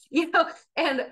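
Lively, bright-voiced woman telling a story. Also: sits high. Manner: lively storyteller acting out dialogue; conversational, with fillers and restarts. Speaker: Christian teacher. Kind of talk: testimony-style teaching.

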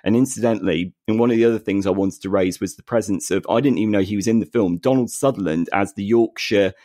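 A man co-hosting a podcast, chatting about film music in an animated way and often restarting his sentences. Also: on the low side, fast talker, no room sound. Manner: animated, frequent restarts and repeated words. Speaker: podcast co-host. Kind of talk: casual film music discussion.

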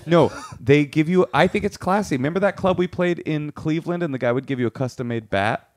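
A man's voice: a little high, fairly quick. A man co-hosting a comedy podcast, joking in a playful, mock-serious way and laughing often. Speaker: podcast co-host. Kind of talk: casual comedic chat.

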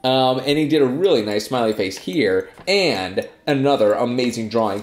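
A young man vlogging about his fan mail with a stuffy nose from a cold, gushing with excitement. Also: mid-range voice, normal speed, hardly any pauses, echoey room, soft background music. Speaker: YouTuber. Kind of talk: casual vlog reading fan mail.

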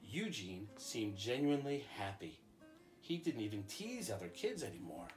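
Principal guy reading a kids' book out loud, calm and expressive, faint guitar behind. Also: fairly low pitch, normal speed. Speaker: school principal. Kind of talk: reading a picture book aloud.

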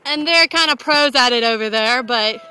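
A woman's voice: a little high, moderate pace, clear, resonant tone. A woman chatting casually and giggling as she films a travel vlog outdoors and in transit. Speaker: vlogger. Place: outdoors and in transit, plane, car, boat. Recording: loud wind and engine noise.

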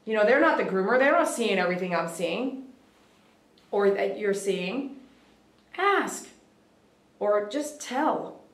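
A woman dog groomer hosting a casual livestream, reading viewer comments aloud with upbeat shout-outs and sudden whoops, in a grooming salon. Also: medium pitch, lively intonation, a little slow. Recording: echoey room.

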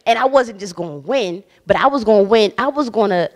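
A woman minister preaching in a loose, conversational way, bold and emphatic, dropping slang and laughing between points. Her voice sits at an ordinary middle pitch. It rings out with a long church-hall reverb. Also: animated, fairly quick. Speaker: guest minister. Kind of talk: casual conversational sermon.

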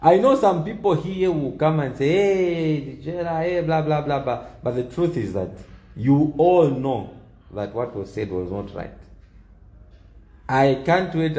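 A man's voice: medium pitch, sing-song, measured pace, dark tone, roomy sound. A man giving an opinion monologue, emphatic and repeating key lines for stress. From Zambia. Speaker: political commentator.

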